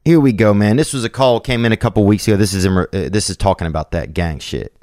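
A man's voice: on the low side, fast talker, darkish tone, dry recording, studio quality. A man hosting a podcast, talking casually in loose slang with lots of fillers and restarts. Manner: loose slangy talk, many fillers and restarts, crude jokes. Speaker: podcast host taking voicemail calls. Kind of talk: casual rambling chat.

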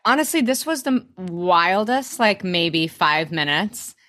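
A woman's voice: fairly low pitch, measured pace. Rambling young woman podcast co-host. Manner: rambling, animated, swears and laughs often. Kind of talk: casual chat recapping a TV episode.

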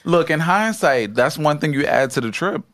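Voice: mid-range voice, animated, moderate pace, a bit bright. A podcast co-host in casual chat, asking questions and teasing the guest.

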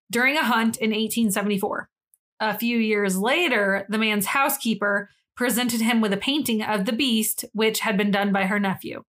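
A woman's voice: on the high side, a bit bright. A woman co-hosting a podcast in casual chat, rambling and self-deprecating with frequent giggles. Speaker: podcast co-host.

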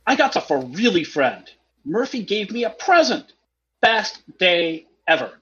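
A man's voice: sits high, fairly bright tone, dull audio. A man voicing a simple-minded, childlike character who reads out a diary entry in broken, childish grammar.

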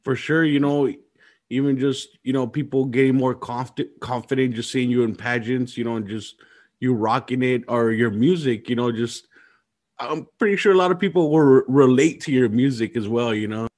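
Man, podcast host, relaxed casual talk, mid-pitched voice, many fillers. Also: moderate pace. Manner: relaxed, easygoing, lots of "you know" fillers. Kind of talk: casual interview chat.

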